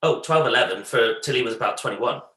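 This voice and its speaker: A man in his thirties spins family stories in easy, rambling chat. His voice is bright and ringing, and the room around him echoes noticeably. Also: medium pitch, fast talker. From Bristol, England. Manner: animated anecdotes, acts out family quotes. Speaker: podcast co-host. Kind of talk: casual storytelling chat.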